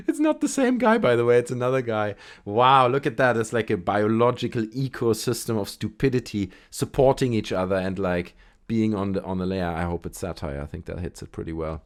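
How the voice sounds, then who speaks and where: A man's voice: fairly low pitch, fairly even intonation, fairly quick. A man hosting a channel, reading online posts aloud and giving amused, chatty commentary between frequent laughs. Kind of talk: casual comedic commentary.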